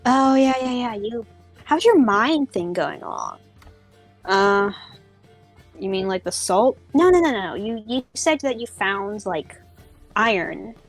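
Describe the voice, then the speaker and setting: A woman voicing a dwarven innkeeper woman, brisk and exasperated. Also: medium pitch, animated, soft background music. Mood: nosy.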